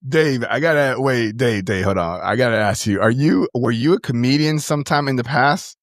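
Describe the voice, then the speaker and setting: A male podcast host speaks at a middling pitch. He chimes in with short, eager affirmations. His voice sounds dry and close, as on a video call. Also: animated, dry recording. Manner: enthusiastic, quick affirmations. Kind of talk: casual conversation.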